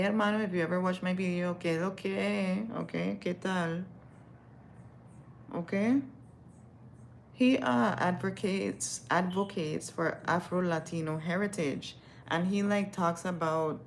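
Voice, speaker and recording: Brief: young woman, gravelly texture, blunt and profane livestream storyteller. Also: on the low side, slight background noise. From West Indies. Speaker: livestream host. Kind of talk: casual livestream chat.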